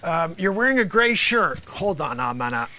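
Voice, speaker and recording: A man acting out a brash high school basketball coach, bossy and rambling, who keeps breaking into shouts at his players. His voice sits high and bright for a man, with a sharp, forceful edge. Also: big pitch swings, moderate pace, full character voice. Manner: loud, bossy, rambling with asides. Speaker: improv comedian host. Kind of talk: improv comedy sketch.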